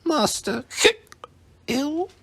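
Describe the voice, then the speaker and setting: A man voicing a drunk, tearful female house-elf who squeaks, slurs and coughs as she talks. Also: lively intonation, extremely slow, gravelly, heavily acted. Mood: whimpering. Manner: whimpering, indignant.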